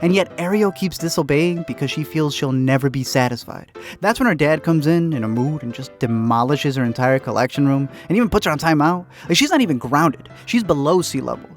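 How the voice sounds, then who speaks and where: A man's voice: fairly high pitch, expressive, faint music behind. Man bantert grappig over een film, lichte muziek erachter. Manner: quick jokey punchlines. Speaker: host. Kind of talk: comedic recap narration.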